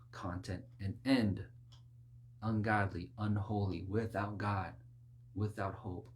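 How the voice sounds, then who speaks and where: A man preaching a sermon in an animated way, dropping to low murmurs and rising to high, insistent exclamations, with mocking asides. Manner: mocking, acts out worldly voices.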